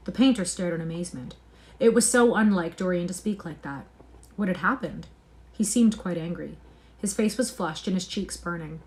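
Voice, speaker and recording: A woman narrating a classic novel aloud on a livestream, with an expressive, measured literary reading. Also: fairly low pitch.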